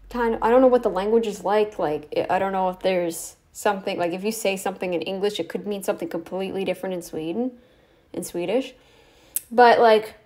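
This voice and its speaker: Woman vlogger, slightly high voice, rambling sarcastic scolding rant to camera. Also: warm tone. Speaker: YouTube commentator. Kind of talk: ranting direct-to-camera commentary.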